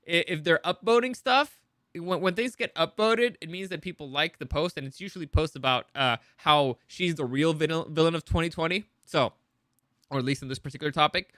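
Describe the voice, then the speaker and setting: Male news-chat host, slightly higher voice, crisp and clear, loose rambling delivery. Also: pushed and bright, no room sound, clean studio sound. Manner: rambling, many restarts and opinionated asides. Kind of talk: casual news commentary.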